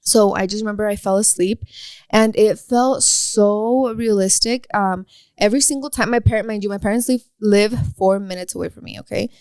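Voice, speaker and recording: A woman co-hosting a podcast, telling a personal story in casual chat, animated and full of "like". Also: mid-range voice, normal speed, smooth, no echo, studio quality. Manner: animated, heavy use of "like", breaks into laughter. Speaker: podcast co-host.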